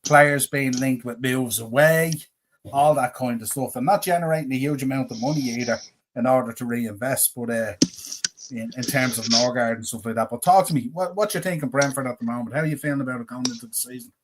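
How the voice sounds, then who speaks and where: A man's voice: mid-range voice, brisk, background noise. Man co-hosting football chat. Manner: exclaims often, repeats phrases. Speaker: podcast co-host.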